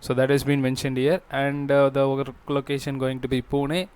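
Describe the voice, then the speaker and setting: Male host, smooth even-pitched voice, explains a screen walkthrough haltingly with lots of pauses. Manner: halting, with frequent fillers and restarts. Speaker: job-listings channel host.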